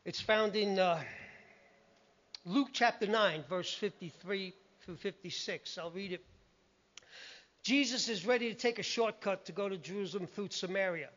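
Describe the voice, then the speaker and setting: A man's voice: sits high, moderate pace, a bit bright. A man preaching a sermon in a conversational, emphatic way, often quoting scripture. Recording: muffled lo-fi recording.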